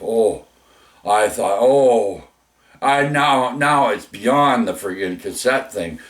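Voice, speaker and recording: A man rambling through a personal story, circling back with restarts and tagging his sentences with "eh?". His voice sits at an ordinary middle pitch and comes from a little away from the microphone. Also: takes it slowly, recorded from a distance. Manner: rambling with restarts, swears and "eh?" tags. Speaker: vlogger telling stories.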